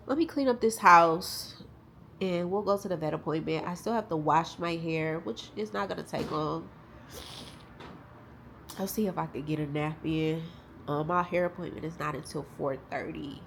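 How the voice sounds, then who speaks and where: A woman's voice: deep voice, normal speed, gravelly, fairly bright tone, a little hiss or hum. A young woman talking to her viewers at home, tearful and rambling as she talks openly about grief. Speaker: vlogger. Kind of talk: casual vlog talk to camera.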